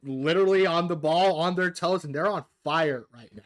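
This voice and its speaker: Excitable, cursing man hosting a gaming chat. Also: a little high, moderate pace. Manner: excitable, swears freely, talks over the guest. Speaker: podcast host.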